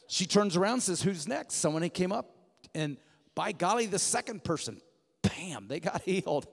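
A man preaching a sermon, telling a story animatedly and swinging from hushed to loud. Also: on the high side, big pitch swings, moderate pace, creaky, breathy edge. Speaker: guest preacher. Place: church sanctuary. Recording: church hall reverb.

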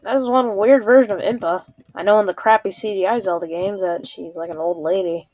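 A woman's voice: medium pitch, fairly even intonation, brisk, darkish tone. A woman giving casual, joking commentary while playing a video game, with offhand muttered asides. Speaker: gamer. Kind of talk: casual let's play commentary.

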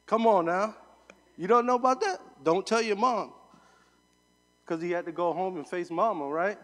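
A young man gives a sermon as a guest preacher, chatting his way through a personal story with lots of ums and restarts. His voice sits a bit high and he's animated and brisk, while the large hall lends the sound a long reverb.

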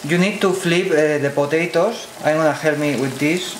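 Man, Spanish accent, slow careful cooking demo, fairly high voice, echoey kitchen, faint sizzling pan. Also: slight background noise. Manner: slow, careful, non-native phrasing with fillers. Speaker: cooking channel host. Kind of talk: step-by-step cooking demonstration. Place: home kitchen.

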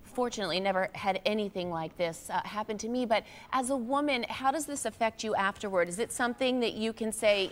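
A woman's voice: medium pitch, a little fast, a little hiss or hum. A woman from the Philadelphia suburbs, a news anchor co-hosting a talk show, chatting in an upbeat way. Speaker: guest co-host, news anchor. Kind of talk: casual talk show chat.

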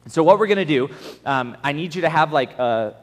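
A man giving a camp sermon to youth, telling a story with lively restarts and then giving instructions. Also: fairly high pitch, brisk. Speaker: camp speaker. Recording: long hall reverb.

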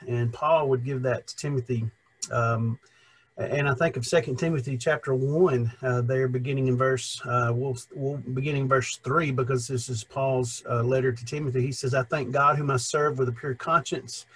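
A man's voice: mid-range voice, breathy edge, rough recording. A young man, a minister, talking through a Bible lesson in a rambling, conversational way with many restarts. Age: young adult.

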